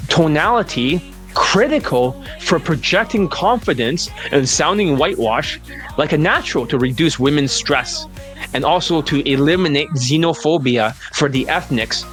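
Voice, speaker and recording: A male dating coach answers viewer questions with an assertive sales pitch, sometimes working himself up into a rant. His tone is fairly bright.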